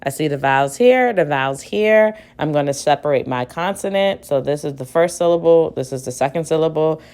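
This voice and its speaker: A woman's voice: low voice, expressive, brisk, darkish tone. A woman teacher giving a recorded reading lesson for children at home, patiently sounding out words aloud.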